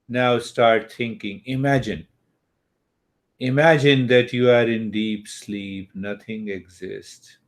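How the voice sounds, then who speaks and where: A man teaching meditation slowly and calmly, with long pauses and Sanskrit terms. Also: mid-range voice. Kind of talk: spiritual teaching talk.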